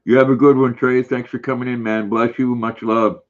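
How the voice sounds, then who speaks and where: An older man hosting a casual livestream, reading viewer comments aloud in a relaxed, friendly, chatty way. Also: medium pitch, moderate pace. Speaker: livestream host. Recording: dull lo-fi stream audio.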